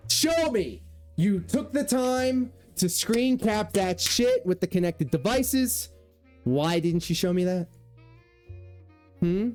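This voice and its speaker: A man's voice: sits high, lively intonation, slow, a little mellow, soft background music. A man who used to work as a cable technician, giving sarcastic, profane reaction commentary.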